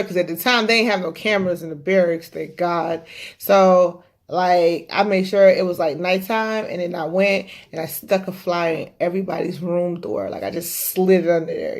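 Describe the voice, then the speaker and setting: A woman with a lower-pitched voice tells a story casually, full of swearing and lively asides. She speaks in a relaxed podcast manner. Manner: animated, profane, conversational. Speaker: podcast host.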